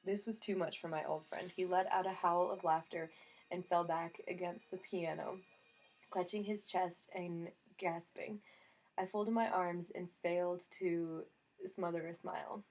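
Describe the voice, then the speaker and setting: A woman's voice: lowish voice, fairly even intonation, unhurried, darkish tone. A woman narrating an audiobook in a wry first-person storytelling manner. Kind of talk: scripted narration.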